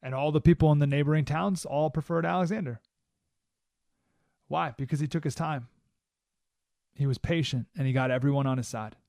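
A male talk radio host delivers an emphatic studio monologue and keeps asking his listeners "right?". His voice sits a bit high for a man, and the mic sound is close and dry. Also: a little fast, vocal fry, pauses often, a little mellow, no room sound.

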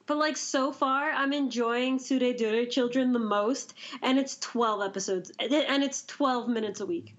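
A woman's voice: fairly high pitch, measured pace, few pauses, highs cut off. A woman co-hosting a casual anime review chat, mostly giving short agreeing replies and some thoughtful opinions. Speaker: podcast co-host.

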